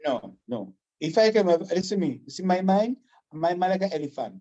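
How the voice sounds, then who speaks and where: A man with a Vincentian accent, from Saint Vincent, chatting casually as a guest, animated, proud and fast-talking. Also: sits high, dull audio. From Saint Vincent and the Grenadines. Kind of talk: casual chat.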